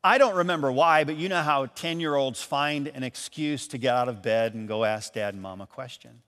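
A man from Michigan preaching a sermon as pastor, telling a story in a lively, animated way and acting out the voices in it. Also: mid-range voice, moderate pace, in a large hall. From Michigan, USA. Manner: storytelling, animated, acts out calls and quotes. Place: church.

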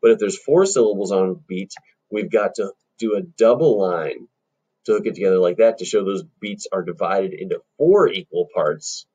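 A man's voice: normal speed, warm tone, breathy edge, dull audio. A male music teacher giving a recorded lesson to children, friendly and encouraging, explaining patiently. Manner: friendly and encouraging, explains patiently, sings short phrases high up.

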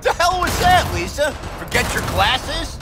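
A crude shooting-range master, barking orders and rambling with fillers in a high, lively voice. He talks slowly over game music. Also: exaggerated voice. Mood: shouting. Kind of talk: video game dialogue.

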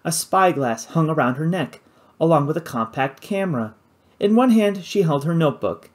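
A man narrating an adventure novel in the first person, with an expressive storytelling delivery. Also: a little high, moderate pace. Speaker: audiobook narrator.

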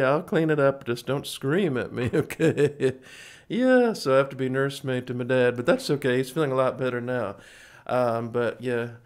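A man's voice: medium pitch, clean tone. A man in his forties hosting a music livestream, chatting casually between songs in a folksy, rambling way and calling his viewers folks. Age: 40s.

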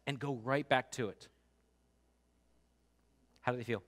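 Male pastor, casual sermon delivery, acts out quotes, punches repeated words loudly. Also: medium pitch, fairly even intonation, unhurried. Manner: conversational preaching with acted-out quotes and rising emphasis. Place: church sanctuary.

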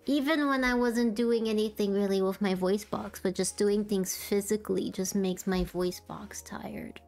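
A woman streamer in a casual chat with her live chat, tired and with a sore throat, soft-spoken and laughing often. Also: medium pitch, fairly even intonation, normal speed, soft background music. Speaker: VTuber streamer.

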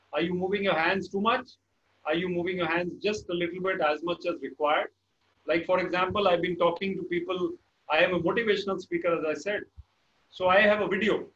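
Indian English male speaker in his forties, raised pitch, explains public speaking in a measured, pausing way. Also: fairly bright tone, dull audio. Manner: measured, explanatory, deliberate pauses. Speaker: motivational speaker.

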